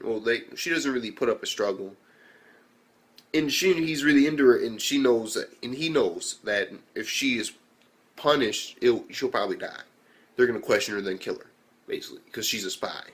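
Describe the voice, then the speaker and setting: A young man giving a casual anime review, animated and swearing freely as he retells scenes. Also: mid-range voice. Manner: animated, swears a lot, acts out quotes.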